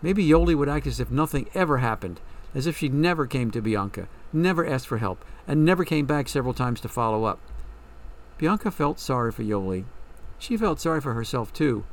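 A man's voice: medium pitch, animated, brisk, distant mic. A man reading a story aloud in a reflective storytelling way. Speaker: narrator. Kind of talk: scripted story narration.

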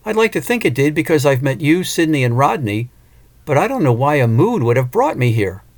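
A man's voice: a little high, sing-song, a little fast. A man voicing a flirtatious traveling fortune-teller woman, teasing and playful, raising his voice for her. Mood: flirty.

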